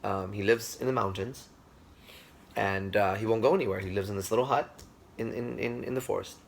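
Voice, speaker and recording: A man voicing a humble gravelly flute player. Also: lowish voice, fairly even intonation, brisk, slight background noise. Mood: earnest. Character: humble male flute player, calm and modest.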